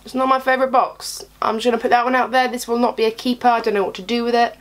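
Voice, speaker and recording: Hoarse young woman with a cold. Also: a little high, little pitch movement, very fast. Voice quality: raspy. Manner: chatty, rambling, candid. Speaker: beauty vlogger. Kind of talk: casual product review.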